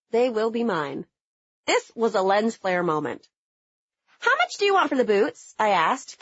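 A woman narrating her own memoir as a comedic audiobook, with an animated, wry, punchy delivery. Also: fairly high pitch, slightly rough, dry recording. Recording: slightly dull, dry lo-fi audio.

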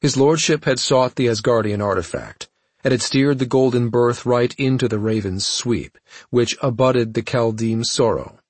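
Husky male audiobook narrator. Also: mid-range voice, normal speed, no echo. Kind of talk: scripted narration.

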